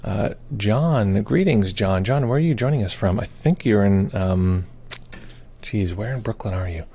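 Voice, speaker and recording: A man's voice: fairly low pitch, unhurried, dark tone, husky. A man hosting a meditation live stream, chatting casually, greeting viewers and reading their comments aloud, with many fillers. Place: home or studio in Brooklyn.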